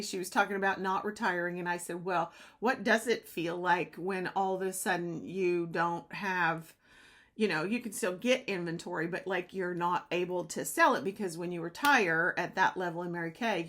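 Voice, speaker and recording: A woman vlogger telling a lively personal story in a casual way, acting out the other people's lines as she goes. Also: fairly low pitch, normal speed. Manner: excitable, acts out quoted dialogue. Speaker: beauty consultant vlogger.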